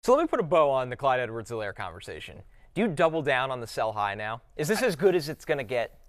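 A man co-hosting a fantasy football show, briskly steering the talk from one topic to the next. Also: medium pitch, very animated. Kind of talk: sports podcast hosting.

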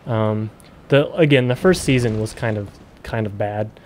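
A man's voice: on the low side, normal speed, a little hiss or hum. A young man streaming a game, rambling casually and swearing while he plays. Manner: swearing, rambling, gets loud and exasperated. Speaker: gaming streamer.

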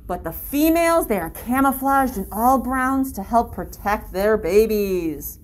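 A woman's voice: fairly high pitch, lively intonation, a little slow. A woman guiding children along an outdoor story walk, reading a picture book aloud in an upbeat, encouraging, teacherly way and imitating animal sounds. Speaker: library story-walk guide.

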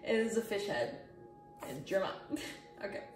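A woman's voice: medium pitch, lively intonation, normal speed, reverberant. Young woman, rambling, profane, self-mocking, far from mic, music playing. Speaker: artist showing her sketchbook. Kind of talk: casual chat.

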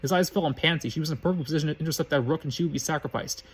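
A man reads fan fiction aloud as the narrator, in a plain, matter-of-fact storybook manner. His voice sits a bit high and sounds husky, and he moves along at a quick clip. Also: low-quality recording.

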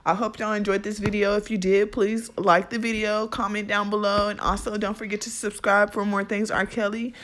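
A woman's voice: medium pitch, flat delivery, a little fast, few pauses, a bit bright. A woman hosting a vlog, tearful and emotional, talking informally and directly to her viewers. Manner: talks straight to viewers, informal. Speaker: video host. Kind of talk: casual vlog commentary.

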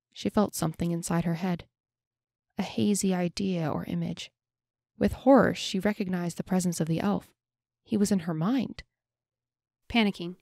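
A woman narrating a fantasy audiobook in a steady, measured way. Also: fairly low pitch, dry recording, clean studio sound.

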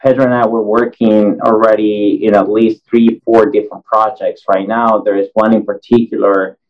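Low-voiced man. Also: flat delivery, normal speed. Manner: earnest, hesitant with fillers. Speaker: actor, guest. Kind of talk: casual podcast interview. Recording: dull lo-fi remote audio.

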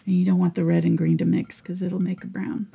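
A woman leads a live painting tutorial in a breathy, soft voice with deep vocal fry. Her tone is dark and mellow, and she often mumbles as though talking to herself. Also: level tone, a little fast. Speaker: painting instructor.

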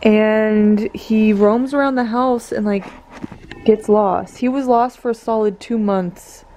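A young woman and mother filming a casual home vlog on a handheld camera, gushing and excitable. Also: mid-range voice, slow, slight background noise. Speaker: vlogger and mother. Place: family home.

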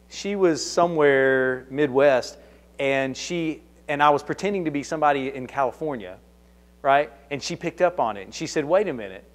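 A man with a Southern US accent, a security consultant answering audience questions at a conference in a conversational, anecdotal way, often restarting his sentences. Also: mid-range voice. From Kentucky. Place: conference hall.

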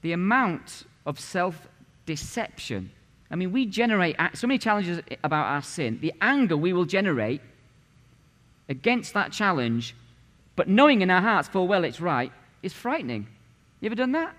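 A man's voice: high voice, big pitch swings, normal speed, fairly bright tone. Man in his forties preaching in a reverberant church. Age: 40s. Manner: punchy, conversational preaching with rhetorical questions. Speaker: pastor. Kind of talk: sermon. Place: church sanctuary.

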